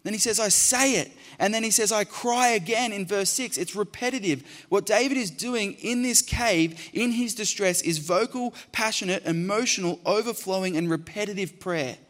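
A man's voice: high voice, normal speed, few pauses, a bit bright, long reverb tail. Passionate preacher, a man with raised voice. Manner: builds to passionate emphasis, repeating phrases. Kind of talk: sermon.

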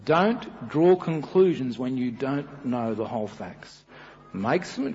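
A middle-aged man with an Australian accent preaching a sermon, animated and storytelling, often slipping into acted voices. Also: mid-range voice. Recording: dull with long reverb, faint hiss.

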